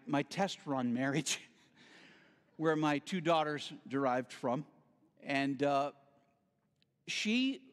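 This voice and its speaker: A middle-aged man tells stories from the pulpit as a guest speaker, his voice rising and falling in wide swings. He talks slowly and does the voices of the people he describes. The sound carries a long echo from a large hall. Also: on the high side. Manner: animated storyteller acting out voices in quotes. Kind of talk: storytelling sermon.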